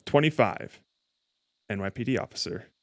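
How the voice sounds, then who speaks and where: A man's voice: medium pitch, animated, moderate pace. A man streaming a game, rambling and correcting himself as he stumbles over words. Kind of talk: casual gameplay commentary.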